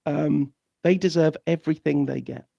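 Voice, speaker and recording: A man hosting a news commentary, ranting angrily with profanity, repetition and halting restarts. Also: on the high side, steady tone, creaky, mellow, lo-fi sound. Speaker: host.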